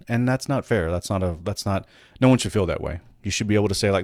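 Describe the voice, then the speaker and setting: Low-voiced man ranting casually. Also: fast, a little mellow, no room sound, studio quality. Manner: rambling, profane, frequent restarts. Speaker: host of a weekly gaming news show. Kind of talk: casual solo commentary.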